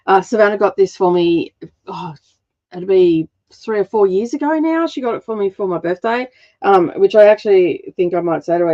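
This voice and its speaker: A woman's voice: on the low side, dark tone, muffled recording. A middle-aged woman hosting a craft livestream. She chats casually and rambles, laughing often and using lots of fillers. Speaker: craft channel host.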